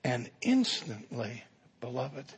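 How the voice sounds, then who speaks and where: A man's voice: medium pitch, big pitch swings, slow, slightly rough, in a large hall. A man preaching a sermon, telling the story dramatically and acting out the quotes.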